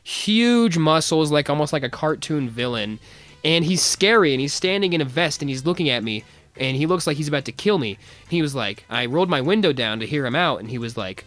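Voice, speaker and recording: A man's voice: mid-range voice, expressive, quick pace, faint music behind. A young man telling a rambling, self-mocking personal story in a casual way, often breaking into laughter. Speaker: vlogger.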